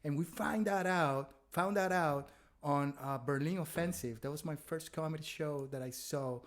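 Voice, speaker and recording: A man, a stand-up comedian, chatting candidly on a podcast, laughing often and halting with fillers. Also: a little high. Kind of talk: casual chat.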